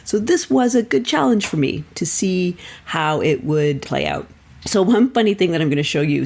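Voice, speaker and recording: A woman's voice: low voice, darkish tone. A middle-aged woman comedian hosting a podcast, chatting casually in a rambling, self-deprecating way and laughing often.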